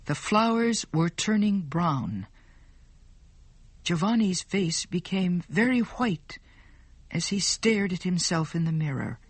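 A woman narrating a story in a slow, clear, deliberate way. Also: lowish voice, lively intonation, no echo.

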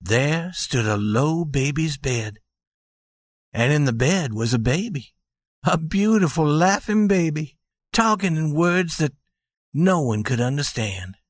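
A man reading a story aloud as narrator, slowly and clearly. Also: a little high, expressive, no echo. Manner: slow, clear, deliberate reading.

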